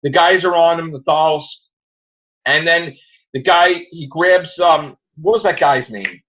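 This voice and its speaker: A man hosting a casual review podcast, rambling through an animated retelling of a plot. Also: fairly high pitch, measured pace, poor audio. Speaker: podcast host.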